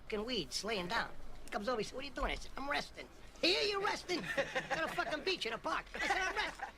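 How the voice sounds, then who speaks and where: A hot-tempered film mobster. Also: male voice, very high voice, very animated, exaggerated voice. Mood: boastful storytelling. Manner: profane, quick-tempered, swings from jokey to menacing. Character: volatile, swaggering male mobster, middle-aged. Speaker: gangster in a film scene. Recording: noisy film audio played back.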